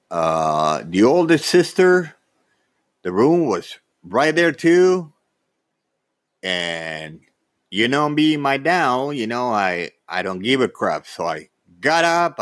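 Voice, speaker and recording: A man telling a personal story in a rambling, animated way, full of fillers and restarts. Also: medium pitch, no room sound, studio quality.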